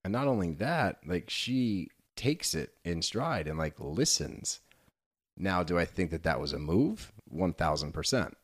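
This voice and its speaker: A man's voice: sits low, sing-song, a little slow. A man co-hosting a podcast, chatting casually and sarcastically, swearing freely. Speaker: podcast co-host. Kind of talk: casual chat recapping reality TV.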